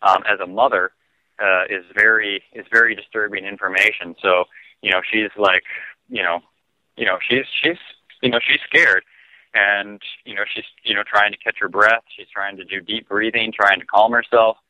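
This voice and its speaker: A man telling a personal story as a radio guest, calm and halting, with "you know" in nearly every phrase. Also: lowish voice, no echo. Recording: dull lo-fi dry broadcast audio.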